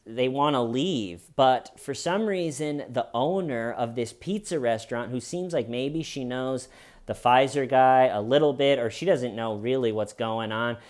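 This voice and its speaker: A man gives casual comedic commentary in a wry, sarcastic tone. His voice sits at an ordinary middle pitch for a man. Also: a little slow, darkish tone.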